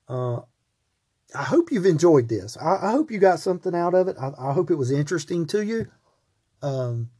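A man's voice: a little high, warm tone, husky. A man teaching a Bible lesson in an earnest, rambling way, often repeating words as he talks. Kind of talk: closing of a recorded Bible lesson.

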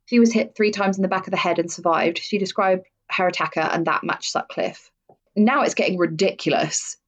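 A woman's voice: on the low side, a little fast. A woman hosting a podcast, telling true-crime stories in a casual, blunt way and swearing freely. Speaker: podcast host. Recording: dull lo-fi audio.

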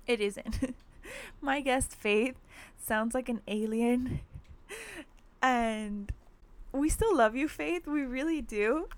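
A woman's voice: high-pitched, slow, long pauses. A young woman hosting a casual podcast from home, talking bluntly and candidly with heavy cursing. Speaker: podcast host.

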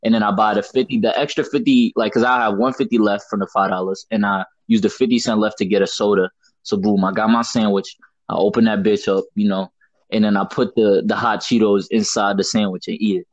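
A young man from Brooklyn, telling animated, slangy stories in casual chat. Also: fairly low pitch, a little fast, no echo, muffled recording. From Brooklyn, New York. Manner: animated, laughing, slangy storyteller.

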